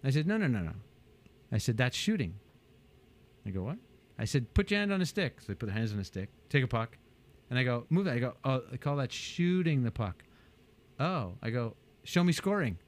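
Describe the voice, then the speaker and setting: A man, a business coach, talking animatedly in an interview and acting out quotes with big jumps in pitch. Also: very animated, a little fast, long pauses.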